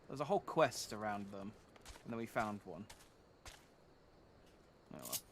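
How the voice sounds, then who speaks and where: A man's voice: on the low side, sing-song, moderate pace, slight background noise. A male streamer chatting playfully while playing a game and reading its dialogue aloud. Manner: playful, theatrical, self-mocking. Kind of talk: casual game commentary with character voices.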